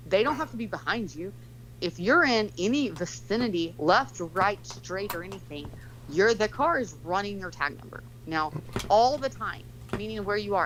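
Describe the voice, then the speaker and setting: A woman's voice: mid-range voice, a bit bright, slight background noise, rough recording. A woman telling a story in casual chat, rambling and swearing freely, leaning heavily on "like". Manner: rambling, profane, heavy use of "like".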